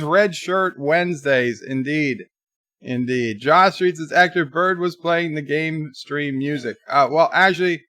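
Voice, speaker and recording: A man's voice: on the high side, fairly bright tone, no echo, studio quality. Chatty man reading his live chat. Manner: chatty, exasperated, reads chat aloud. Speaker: livestream host.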